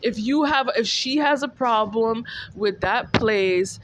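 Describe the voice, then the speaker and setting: Woman vlogger, exasperated venting rant, high pitch, casual. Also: slow, noisy background. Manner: ranting, repetitive, exasperated.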